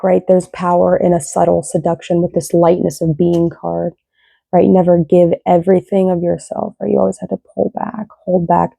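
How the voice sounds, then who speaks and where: A young woman reads tarot in a loose, rambling way, checking in with "right?" again and again. Her low voice has a gravelly fry and a dark, mellow tone. It sounds dry and close, with almost no room around it. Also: no room sound. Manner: rambling, tags sentences with "right?". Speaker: tarot reader. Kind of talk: casual tarot reading.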